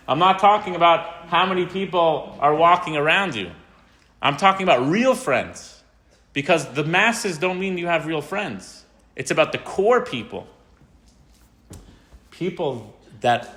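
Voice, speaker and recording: A rabbi giving an informal, animated talk to teenagers. He tells a story and often asks the audience questions. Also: medium pitch. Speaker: rabbi teaching teens.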